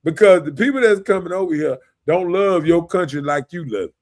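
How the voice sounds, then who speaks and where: A man, hosting a podcast in casual opinion talk, animated, often asking "you know what I'm saying" and laughing. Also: a little high, fairly quick. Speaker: podcast host.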